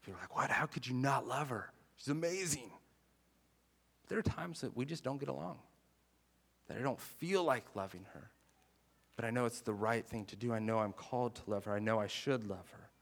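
A man preaching a sermon in a chatty, animated way, mixing jokes and scripture. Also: medium pitch, brisk, creaky, in a large hall. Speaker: pastor.

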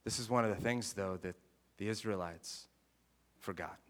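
A man preaching a sermon in a chatty, animated way, mixing jokes and scripture. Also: fairly low pitch, moderate pace, in a large hall. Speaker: pastor.

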